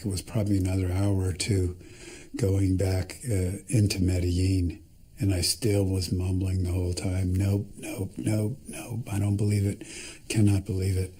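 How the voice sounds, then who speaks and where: Low, mellow-voiced man recounting his captivity. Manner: plain-spoken storytelling with restarts. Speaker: survivor telling his story. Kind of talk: documentary testimony.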